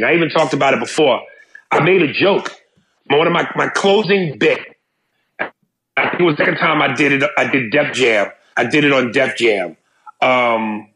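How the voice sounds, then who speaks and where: A man's voice: on the high side, fairly bright tone, poor audio. Blunt, teasing male podcast co-host. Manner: teasing, blunt, reads listener emails aloud. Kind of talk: casual chat.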